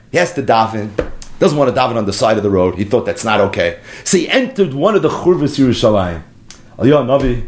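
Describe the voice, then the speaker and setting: Animated man telling a Talmud lesson. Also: mid-range voice. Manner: lively storyteller who acts out quoted speech; mixes Hebrew and Yiddish terms into English. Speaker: Torah teacher. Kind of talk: Talmud lesson told as a story.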